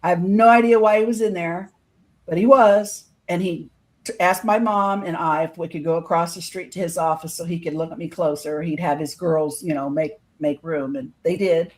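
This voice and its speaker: A middle-aged woman earnestly telling a personal story in casual podcast talk, quoting others in lively voices. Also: lowish voice, normal speed. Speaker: guest telling her own experience.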